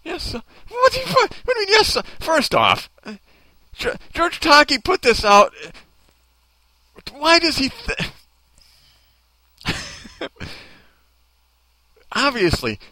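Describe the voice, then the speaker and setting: A man's voice: high-pitched, bright, forceful tone, dry recording. A man hosting a talk show, ranting in a sarcastic, mocking way and needling people off mic. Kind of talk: comedic opinion rant.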